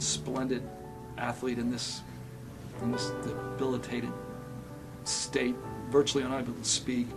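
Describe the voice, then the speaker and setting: A middle-aged male actor telling a personal story in a reflective, sometimes soft and quiet way. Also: medium pitch, creaky.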